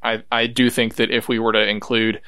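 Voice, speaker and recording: A man co-hosting a podcast, calmly explaining in casual chat. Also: on the low side, brisk, smooth. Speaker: podcast co-host.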